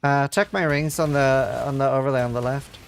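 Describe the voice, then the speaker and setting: A man's voice: mid-range voice, fairly even intonation, a little fast, gravelly, slight background noise. A man streaming a game and chatting casually with viewers, rambling and full of filler words. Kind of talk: casual livestream chat while gaming.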